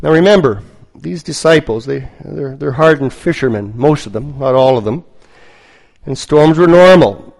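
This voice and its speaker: A man preaching a sermon, telling a story slowly and dramatically, with lots of repetition. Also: mid-range voice, lively intonation, vocal fry, darkish tone, rough recording.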